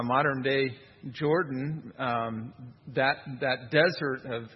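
A man's voice: mid-range voice, husky, big-room sound, muffled recording. A man preaching a sermon in a conversational, wry manner, with rhetorical asides. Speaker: pastor.

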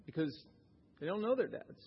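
Husky-voiced man preaching a sermon. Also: on the high side, big pitch swings, normal speed. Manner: conversational, asks the congregation questions. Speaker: pastor. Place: church sanctuary. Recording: dull reverberant church recording.

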